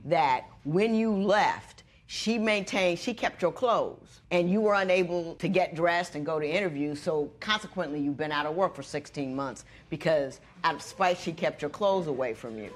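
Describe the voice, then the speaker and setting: A middle-aged woman judge on a courtroom show, firmly lecturing and advising the couple, moving between stern and gentle. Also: low voice, normal speed, hardly any pauses. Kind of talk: courtroom ruling and advice.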